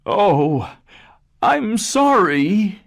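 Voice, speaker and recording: A man's voice: mid-range voice, big pitch swings, slow pace, exaggerated voice. A man reading aloud and voicing a frightened, sad old father who pleads anxiously. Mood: pleading.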